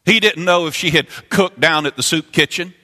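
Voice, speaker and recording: A man preaching a sermon, impassioned and repetitive, climbing into sung, chanting peaks before dropping low. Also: moderate pace, bright, forceful tone. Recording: long hall reverb.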